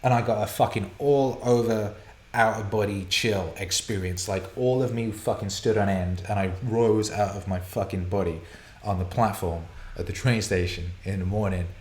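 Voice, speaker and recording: A man hosting a live viewer Q&A broadcast from a home studio, excitable and profane, laughing and rambling as he reads out questions. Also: lowish voice, normal speed, roomy sound. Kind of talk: casual live-stream chat, reading viewer questions.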